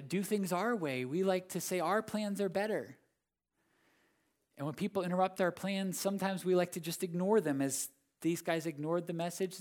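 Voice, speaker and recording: A man's voice: high-pitched, a little mellow. A man preaching a sermon, earnest, building to emphatic rises and repeating key phrases. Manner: earnest preaching with rising emphatic peaks and repetition. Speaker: pastor.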